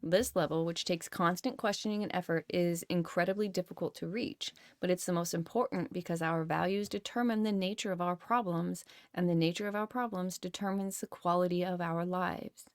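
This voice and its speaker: A woman's voice: on the low side, steady tone, brisk, hardly any pauses, no echo, clean studio sound. A woman reading a self-help book aloud and stopping often to comment and swear casually. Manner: reads, rereads and comments with swearing.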